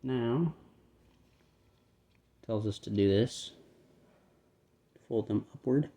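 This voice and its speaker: A man's voice: medium pitch, very slow. A man with a light Southern accent, casually talking himself through assembling a toy model step by step. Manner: relaxed, talks himself through each step. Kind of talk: casual step-by-step building commentary.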